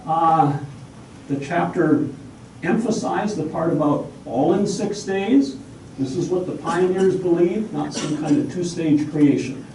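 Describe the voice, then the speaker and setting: A man's voice: on the high side, mellow. A man giving a methodical outlined talk with slides at a church class, listing his points one by one. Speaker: guest presenter at a Sabbath school class. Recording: echoey room, far from mic, faint hiss.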